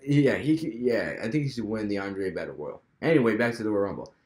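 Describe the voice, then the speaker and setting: A young wrestling fan vlogger with a fairly low, slightly mellow voice talks expressively and fairly quickly about his fantasy wrestling booking. He rambles casually with plenty of restarts, in an echoey room.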